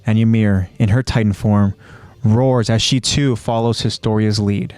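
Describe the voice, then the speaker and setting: A man co-hosting a podcast, calmly recapping anime scenes in a casual discussion. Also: fairly low pitch, measured pace, clear, resonant tone, no echo. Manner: recaps scenes in a steady, explanatory way. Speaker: podcast co-host.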